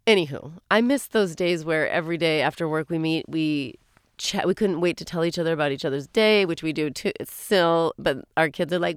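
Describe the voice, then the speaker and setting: A woman in her forties with a fairly low voice hosts a casual podcast episode on her own. Her talk rambles and keeps interrupting itself. The sound is dry and close, recorded in a small closet at home. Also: clean tone, dry recording. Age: 40s. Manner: rambling, chatty, self-interrupting. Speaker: podcast co-host. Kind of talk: casual solo chat.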